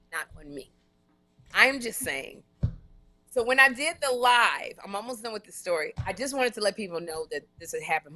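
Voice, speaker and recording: A woman co-hosting a comedy podcast live stream, telling a long story in an animated, run-on way with frequent restarts and blunt jokes. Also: on the low side. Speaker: podcast co-host.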